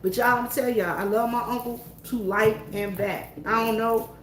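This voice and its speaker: A woman's voice: on the high side, steady tone, normal speed, echoey room, slight background noise. A Southern woman chatting to her viewers in a folksy, storytelling way, alone in an empty church. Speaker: church worker and vlogger. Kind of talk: casual chat to viewers.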